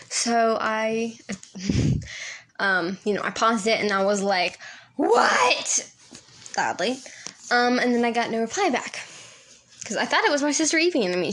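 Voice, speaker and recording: A woman's voice: mid-range voice, a bit bright. A teenage girl chatting alone on a casual podcast from home, rambling with lots of ums and likes and laughing often. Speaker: podcast co-host. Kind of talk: solo casual podcast chat. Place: home room. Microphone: home recording app.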